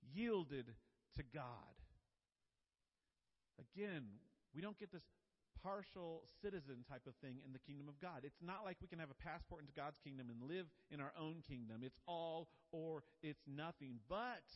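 A male pastor preaching a sermon emphatically, with big swings between loud and soft and fast and slow. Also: on the high side. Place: church sanctuary. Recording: dull recording with long church reverb.

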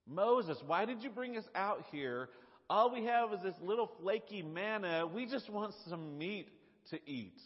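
Man doing whining grumbling wanderers, raised pitch, long hall reverb. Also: animated, measured pace, breathy edge, highs cut off, full character voice. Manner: whining, complaining. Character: grumbling crowd of hungry wanderers.

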